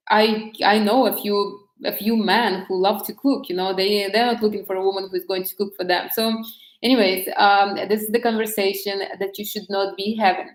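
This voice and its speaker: A woman coaching her viewers on dating in a casual, frank monologue, talking off the cuff and circling back on herself. Her mid-pitched voice rings in a noticeably echoey room. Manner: direct, frank, speaking off the cuff with restarts.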